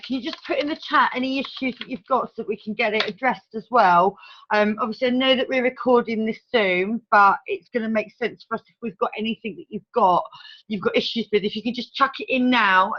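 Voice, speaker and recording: A woman hosting a team training over a video call, talking in a brisk, chatty, organizing way. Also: on the high side. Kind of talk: casual online meeting talk. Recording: dull video-call audio.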